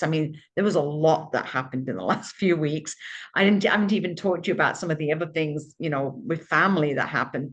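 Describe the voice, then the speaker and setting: Low-voiced woman telling a personal story. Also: fairly bright tone. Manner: candid and emotional, with frequent restarts. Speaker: podcast host.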